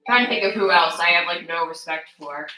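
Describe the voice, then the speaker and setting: A woman's voice: fairly low pitch, a little fast, sharp tone, echoey room, faint music behind, rough recording. A woman streamer chatting casually while playing a game, blunt and opinionated, swearing and laughing easily. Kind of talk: casual gameplay chat.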